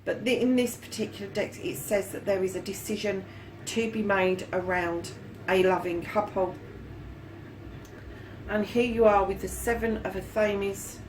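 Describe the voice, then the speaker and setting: A woman talks her way through a tarot spread in a relaxed, chatty way, calling her listeners darlings and lovelies. Her voice sits at a middling pitch, with a faint hum of room noise behind it. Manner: swears casually. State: hot and yawning. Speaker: tarot reader. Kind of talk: casual tarot reading to camera.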